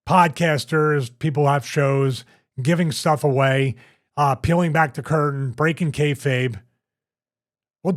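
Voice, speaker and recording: A man with a Philadelphia accent, an older former wrestler hosting a podcast, talking in an emphatic, animated way. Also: on the high side. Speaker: show host, former wrestler. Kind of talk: casual podcast chat.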